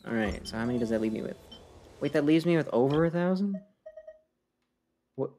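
Over game music, a man streams and banters playfully, needling the game's characters and laughing at himself. His voice is a little high and dark in tone, brisk and lively in intonation, with a little hiss or hum in the recording.

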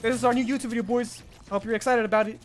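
A woman hosting a gaming channel, calling out to her squad in quick repeated bursts. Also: a little high, fairly even intonation, background noise. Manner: fast, repeats calls in bursts. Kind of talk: excited squad callouts while gaming.

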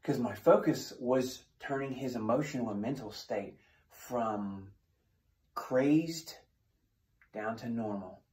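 This defensive tactics instructor speaks slowly, his medium-pitched voice having a darkish tone. He shares a plain-spoken teaching story, asking himself questions and answering them, with the sound echoing around the room.

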